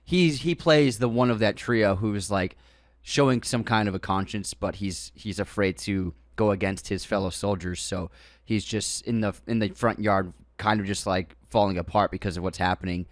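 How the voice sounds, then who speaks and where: A man's voice: on the low side, moderate pace, no room sound. A man co-hosting a podcast, chatting casually and enthusiastically about movies, rambling with fillers and restarts. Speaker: podcast co-host. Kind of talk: casual film discussion.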